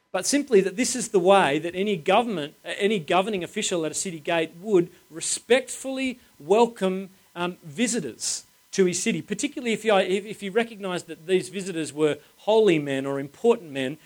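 A man preaching a sermon in an informal, chatty way, driving points home by repeating phrases. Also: sits high. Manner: emphatic, repeats phrases for stress.

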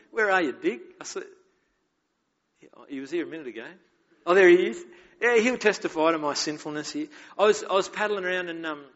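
Pastor, male, slightly higher voice, candid, chatty sermon delivery; dull recording with long hall reverb. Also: fairly bright tone. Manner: candid, conversational, self-mocking storytelling.

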